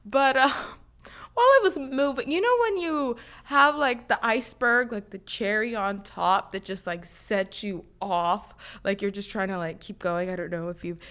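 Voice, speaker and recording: A woman's voice: medium pitch, normal speed, clear, resonant tone. A young woman co-hosting a podcast, telling a story in casual chat with lots of "like" fillers. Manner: storytelling, animated, many "like" fillers. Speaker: podcast co-host.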